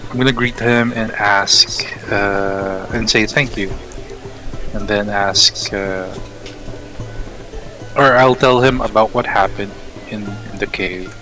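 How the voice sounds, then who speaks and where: A man speaking as a player in a tabletop game, slow and hesitant with frequent ums. His voice is low, and clear music plays behind him. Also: bright, forceful tone, low-quality recording. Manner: thoughtful, hesitant, lots of ums.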